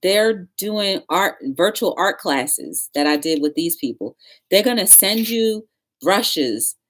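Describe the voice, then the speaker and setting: A woman's voice: on the low side, animated, slow. A woman hosting a live-stream talk show, telling stories with energy and greeting viewers in the chat by name. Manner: upbeat, encouraging.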